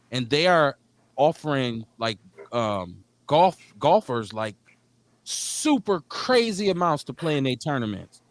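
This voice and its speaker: A Milwaukee-accented man hosts a radio talk show in a casual, chatty way, spinning long, animated stories and acting out the characters in them. His voice sits in the mid-range, and the recording has no echo.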